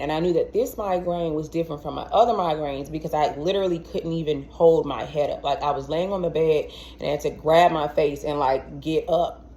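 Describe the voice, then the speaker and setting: Young woman vlogging her story, lowish voice, lively, acts out the other voices, trips over her words a lot. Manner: animated, acts out quoted voices, stammers and repeats words. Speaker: vlogger telling a personal story. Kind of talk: casual storytelling.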